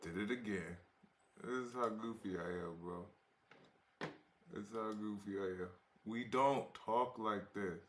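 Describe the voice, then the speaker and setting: A man's voice: on the low side, unhurried, long pauses, fairly bright tone, a little hiss or hum. A man from Ohio hosting a casual reaction video, talking in slang with a mocking, amused manner. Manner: slangy, mocking, laughs often.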